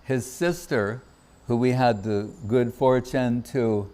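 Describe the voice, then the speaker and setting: Man, devotional talk, storytelling, mid-pitched voice, quotes others in little voices. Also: slow. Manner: anecdotal, warm laughter, acts out quoted voices. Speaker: Gaudiya Vaishnava speaker. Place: temple festival gathering.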